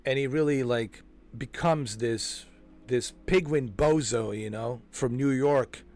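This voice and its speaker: A gaming channel host with a medium-pitched, darkish voice talks slowly over a walkthrough. His chat is loose and rambling, peppered with "man," "dude," and other fillers, and he corrects himself while hunting for names.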